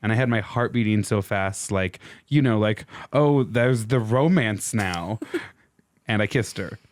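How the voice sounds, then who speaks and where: A man's voice: lowish voice, lively intonation, measured pace, dry recording. A man reading as a shy young Italian man. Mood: wistful. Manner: reads quotes aloud in his own voice.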